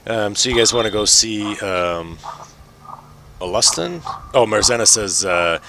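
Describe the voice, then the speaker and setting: A man narrating a tabletop game as game master in a relaxed way, with many fillers. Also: lowish voice, unhurried, vocal fry, noisy background.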